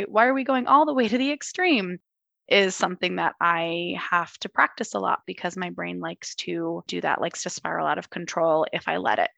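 A woman's voice: lowish voice, vocal fry, a bit bright, no room sound. A woman guest in a casual discussion, talking candidly and poking fun at herself. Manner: candid, self-mocking.

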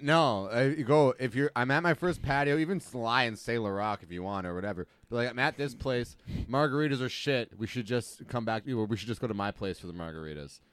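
A man's voice: mid-range voice, a little fast, fairly bright tone, clean tone, dry recording. A Canadian man co-hosting a casual podcast, laid-back and swearing. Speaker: podcast co-host.

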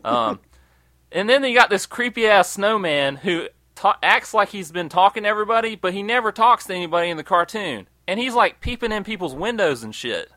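Casual male co-host, bright, slightly high voice, dry close sound, swears a lot while ranting. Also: fairly quick, dry recording. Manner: animated storyteller, swears often, acts out quotes. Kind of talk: casual profane chat.

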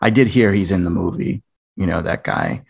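Low-voiced man rambling casually. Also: moderate pace, gravelly, slightly rough. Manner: relaxed, rambling, many fillers. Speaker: podcast co-host. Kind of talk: casual panel chat.

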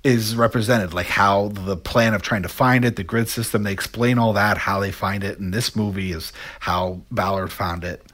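A man co-hosting a casual film discussion, relaxed and agreeable, chiming in with trivia. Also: lowish voice, normal speed, few pauses.

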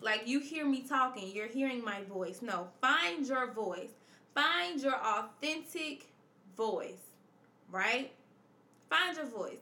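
A woman's voice: high-pitched, pushed and bright, reverberant. A woman hosting a confessional podcast, speaking emphatically and repeating her points in a preacherly way. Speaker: podcast host. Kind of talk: personal confessional podcast monologue.

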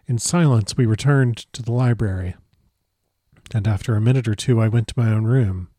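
A man reading a first-person diary aloud as a dramatic audiobook narrator, measured and grave. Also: lowish voice, dark tone, no room sound, clean studio sound.

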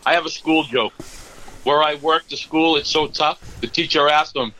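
Upbeat guy with a bright, sharp, highish voice doing the joke of the day. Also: moderate pace, poor audio. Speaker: guest joke teller. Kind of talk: casual chat and joke telling.

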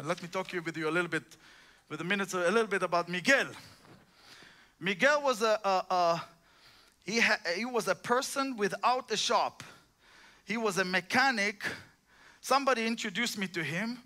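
Male preacher, informal sermon, impassioned and rambling, piercing bright tone. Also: high voice. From Israel. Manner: impassioned, rambling with restarts and asides.

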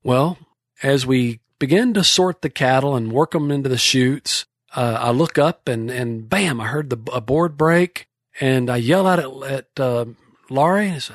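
A man's voice: medium pitch, measured pace, no echo, clean studio sound. A man from Texas, a horsemanship clinician telling a folksy, rambling story with frequent restarts.

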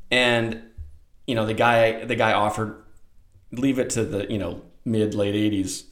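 A middle-aged man telling a rambling, animated childhood story in a casual way, acting out voices. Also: on the low side, measured pace. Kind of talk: casual anecdote. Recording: roomy echo.

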